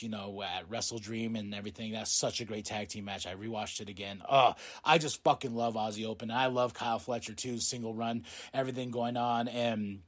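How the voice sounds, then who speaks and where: A man hosting a podcast, casually recapping a show, excitable, laughing often and swearing freely. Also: mid-range voice. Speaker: podcast host.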